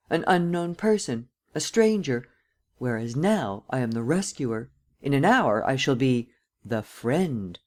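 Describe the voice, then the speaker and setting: A woman reading an audiobook and voicing a male master criminal who speaks calmly, deliberately and with total self-assurance. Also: deep voice.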